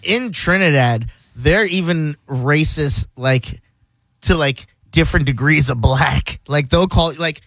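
A man's voice: fairly high pitch, slow pace, fairly bright tone, dry recording. A man chatting casually as a podcast co-host who laughs often while telling stories. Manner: laughs often, playful storytelling. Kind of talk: casual chat.

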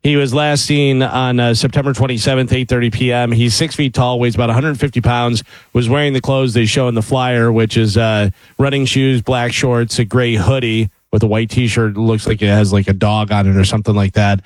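Man, radio co-host, mid-pitched voice, easygoing storyteller, dry close sound. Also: normal speed, dry recording. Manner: relaxed storyteller, self-deprecating. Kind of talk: casual studio chat.

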